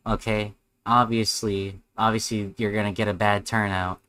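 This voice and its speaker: A man's voice: lowish voice, level tone, moderate pace, sharp tone. Sarcastic, foul-mouthed male streamer. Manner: sarcastic, heavy swearing, rambling. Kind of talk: live reaction stream.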